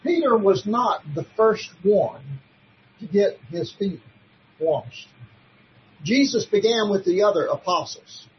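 A man's voice: high-pitched, muffled recording, a little hiss or hum. A man preaching in a sermon-style Bible study, emphatic and fond of rhetorical questions. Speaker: preacher teaching a Bible class.

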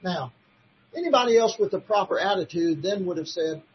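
A man's voice: high-pitched, expressive, brisk, muffled recording, a little hiss or hum. A man preaching in a sermon-style Bible study, emphatic and fond of rhetorical questions. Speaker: preacher teaching a Bible class.

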